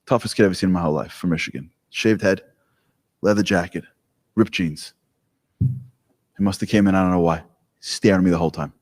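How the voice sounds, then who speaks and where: A man giving a live talk to an audience, telling stories in an animated, joking way. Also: low-pitched, a little fast, long pauses. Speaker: speaker. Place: hall with an audience. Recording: long hall reverb.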